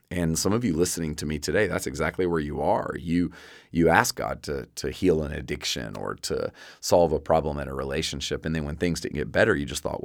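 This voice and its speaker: A very deep-voiced man with a drawl preaching a sermon. He speaks earnestly and conversationally and often restarts his phrases. The sound is dry and close, with no room echo. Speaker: pastor.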